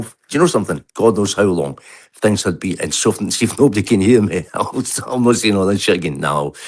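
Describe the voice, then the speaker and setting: Guy with a lowish voice going off on a sweary rant on a video call, keeps restarting. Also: husky. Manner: angry, sweary, rambling with restarts. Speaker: livestream guest. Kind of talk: heated casual rant.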